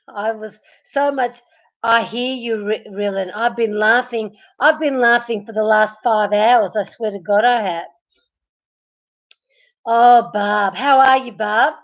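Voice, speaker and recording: Giggly woman hosting a live stream. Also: a little high. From Melbourne, Australia. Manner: giggly, teasing, talks to chatters by name. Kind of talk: casual live stream chat, reading viewer comments. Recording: dull lo-fi stream audio.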